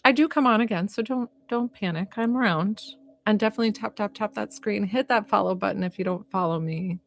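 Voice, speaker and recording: A woman's voice: medium pitch, fairly quick, creaky. A young woman from Georgia, chatting on a phone livestream as a psychic medium, gushing and reassuring and rambling with fillers. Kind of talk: casual livestream chat and reading.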